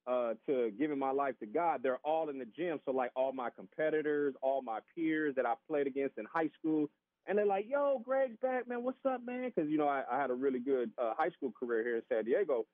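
A man's voice: medium pitch, fairly quick, few pauses, dry recording. Man telling a story over a phone line. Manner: animated, acts out voices, repeats words. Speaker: podcast guest. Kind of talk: casual storytelling testimony. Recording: tinny phone-line sound.

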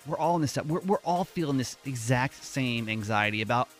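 A man's voice: medium pitch, lively intonation, a little fast, soft background music. A man in his forties hosting a morning radio show, talking casually and earnestly with lots of fillers. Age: 40s. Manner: earnest, loose, many fillers.

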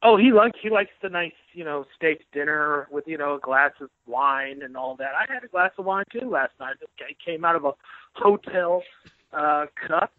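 A man's voice: fairly high pitch, normal speed, no echo. Boisterous man on a tinny phone line. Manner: boisterous, joking storyteller. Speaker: sports columnist. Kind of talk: casual podcast chat.

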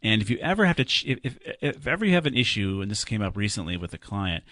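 A man hosting a call-in tech radio show, giving quick, plainspoken, jokey practical advice to callers. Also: on the low side, sing-song, bright, forceful tone, no echo, studio quality. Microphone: studio microphone.

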